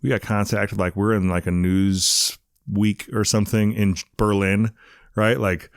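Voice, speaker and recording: A man's voice: fairly low pitch, level tone, measured pace, smooth, dry recording, studio quality. A man speaking as a podcast guest, laid-back and slangy, often calling the host "dude". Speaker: guest, donut shop owner. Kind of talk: casual interview chat.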